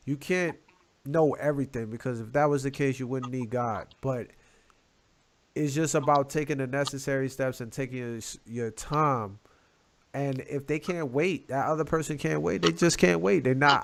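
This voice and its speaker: A man co-hosting a casual chat show, talking in a laid-back, slangy way and giving shout-outs. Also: medium pitch. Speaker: podcast co-host.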